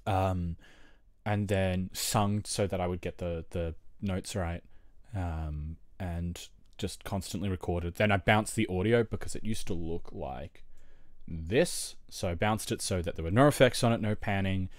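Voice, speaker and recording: A man's voice: low voice, a little slow, no room sound, studio quality. A young Australian man chatting casually on a livestream while editing video, rambling with many fillers and frequent laughs.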